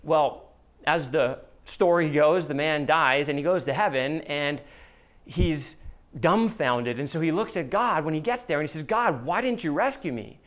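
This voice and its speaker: A middle-aged male pastor preaching with earnest conviction, his voice sitting a little high for a man. He tells stories and prays in a steady pulpit manner. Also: measured pace. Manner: earnest prayer, then storytelling preaching. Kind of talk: sermon.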